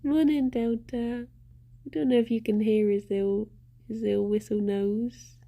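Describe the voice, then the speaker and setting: A woman's voice: a little high, fairly even intonation, measured pace, vocal fry, mellow. A woman hosting a casual livestream, chatting to viewers and cooing to her pets with frequent giggles. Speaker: livestream host.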